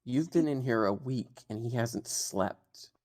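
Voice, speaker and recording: A man running a tabletop game as dungeon master, narrating scenes in a relaxed way with fillers. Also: mid-range voice, unhurried, heavy background noise.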